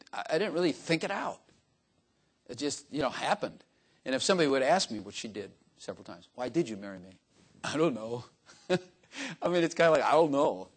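A man's voice: on the high side, husky. An older man preaching an informal sermon, folksy and joking, often turning to the congregation with "Amen?". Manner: folksy, joking asides, frequent "Amen?" to the crowd.

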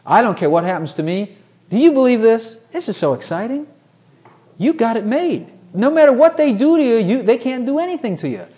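A man preaching a sermon, swinging from hushed, personal asides to loud, ringing scripture quotes. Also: very high-pitched, big pitch swings, brisk.

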